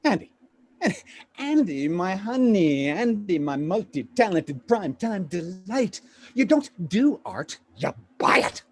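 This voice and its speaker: An actor playing a pushy, fast-talking male Hollywood agent in a live play reading over a video call, with rapid, stammering sales patter. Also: on the high side, slight background noise. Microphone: home computer mic on a video call.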